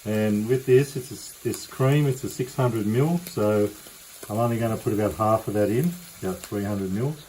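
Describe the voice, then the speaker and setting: A man's voice: on the low side, moderate pace, warm tone, a little hiss or hum, rough recording. A middle-aged man with an Australian accent chatting casually through a home-kitchen cooking demonstration, rambling and easygoing. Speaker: cooking vlogger.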